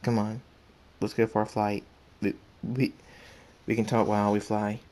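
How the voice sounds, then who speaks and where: A man voicing a kind, protective old stallion pony who is a grandfather, reading softly with small restarts. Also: on the low side, little pitch movement, normal speed, close to an everyday voice. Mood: tender.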